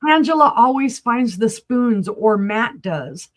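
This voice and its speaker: Her voice sits on the high side, lively in intonation but slow in pace, as this New Mexico woman with a local accent guest-sells on a live auction stream. Chatty and folksy, she walks viewers through the glassware item by item.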